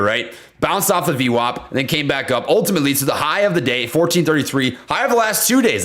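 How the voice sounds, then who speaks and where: A man hosting a live stream about stocks, chatting casually and excitably with viewers and breaking down price charts. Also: on the high side. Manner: excitable, easygoing, laughs often, slangy. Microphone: desk condenser microphone.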